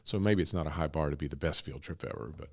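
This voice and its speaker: A man's voice: rumbling low, fast talker. A man being interviewed as co-founder of a ministry, talking in a rambling, enthusiastic way with laughs. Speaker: guest, co-founder of a bunny ministry. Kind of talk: casual interview talk.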